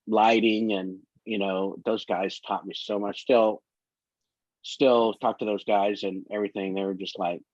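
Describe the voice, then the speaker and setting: A man's voice: fairly low pitch, level tone, measured pace, darkish tone, no room sound. A man telling long, winding work stories as a guest in a casual interview. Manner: rambling, long winding anecdotes. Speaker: photographer guest. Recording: dull lo-fi dry sound.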